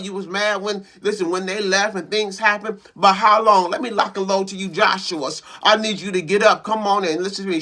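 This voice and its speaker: A man's voice: sits high, pushed and bright. A man preaching an emphatic motivational sermon, repeating phrases and building intensity. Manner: repetitive, emphatic, call-and-response preaching.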